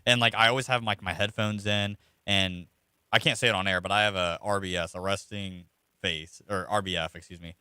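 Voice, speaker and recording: Young man, radio co-host, quick talker, bright clear voice, easygoing rambling. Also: low-pitched, steady tone, no echo, studio quality. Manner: rambling, easygoing, lots of fillers. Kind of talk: casual radio chat.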